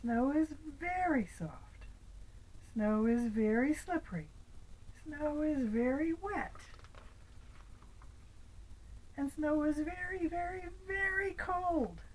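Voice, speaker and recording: An older woman voicing a grumpy, indignant little male cat from a storybook, in a high, slow, complaining voice. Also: animated, a little mellow, rough recording.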